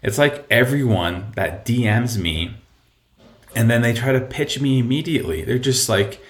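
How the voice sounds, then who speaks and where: A man's voice: medium pitch, animated, moderate pace, echoey room. A man hosting a podcast from home, talking casually and rambling with lots of fillers and restarts. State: a bit out of breath. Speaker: podcast host. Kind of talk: casual solo podcast talk. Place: home room.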